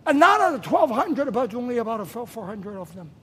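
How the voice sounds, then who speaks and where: A man preaching a sermon, emphatic and repeating phrases for stress, with sudden loud bursts. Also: very high voice, sing-song, brisk, husky.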